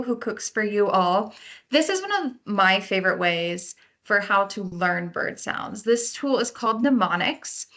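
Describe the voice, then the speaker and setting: A woman park naturalist lectures on birding by ear, teaching how to recognize birds from their sounds and now and then imitating their calls. Her mid-range voice is bright, her tone forceful, and her explanations friendly.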